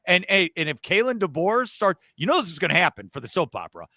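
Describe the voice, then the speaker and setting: An excitable man jokes his way through football talk on a sports show. His voice is bright and somewhat gravelly, and it swings widely in pitch. The sound is dry and close. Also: quick pace, no room sound. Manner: excitable, joking.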